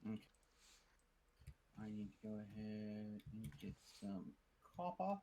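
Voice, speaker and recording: A man's voice: lowish voice, expressive, slow, dark tone, slight background noise, low-quality recording. A man hosting a multiplayer game session, instructing his teammates on what to build. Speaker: host organizing the team.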